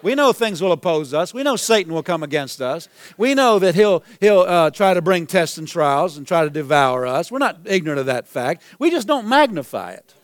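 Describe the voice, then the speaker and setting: A man preaching a sermon as pastor, emphatic and repetitive, building to shouted declarations. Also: fairly high pitch, big pitch swings, normal speed, no room sound. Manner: emphatic preaching, repeats phrases, rises to shouts.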